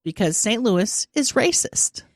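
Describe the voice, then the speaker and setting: A woman's voice: on the high side, lively intonation, a little slow, no echo, clean studio sound. A woman co-hosting a casual podcast chat, outspoken and opinionated, with a teasing streak. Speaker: podcast co-host.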